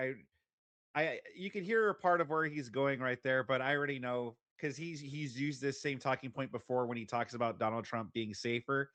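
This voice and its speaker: Sarcastic man with a bright voice. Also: medium pitch, no echo. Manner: sarcastic, mocking asides. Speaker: streamer reacting to a debate clip. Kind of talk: live reaction commentary.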